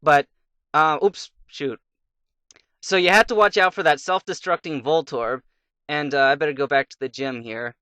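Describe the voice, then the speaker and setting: Young guy rambling over a game, bright tense voice, dry close mic. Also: a little high, moderate pace, clean tone, no echo. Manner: rambling, retells a fairy tale in bits between game moves, mutters. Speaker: let's play commentator. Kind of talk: casual gameplay commentary with storytelling.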